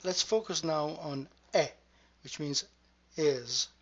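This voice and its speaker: A woman teaching pronunciation, modelling each word slowly and deliberately. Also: low voice, slightly rough. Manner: slow, deliberate, drawn-out modelling of words. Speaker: language teacher. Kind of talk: slow pronunciation lesson. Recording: muffled lo-fi recording.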